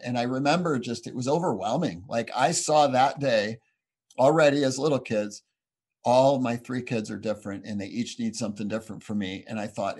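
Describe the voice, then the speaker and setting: Earnest pastor telling family stories. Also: male voice, mid-range voice, moderate pace, a little mellow, breathy edge. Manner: earnest, heartfelt storytelling with frequent "you know" fillers. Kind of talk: conversational interview answer.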